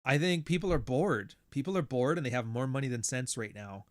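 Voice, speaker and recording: Mid-story, this podcast host breaks into quick impressions of others, staying animated throughout. His casual monologue is a blunt, sardonic, profane rant delivered in a mid-range voice.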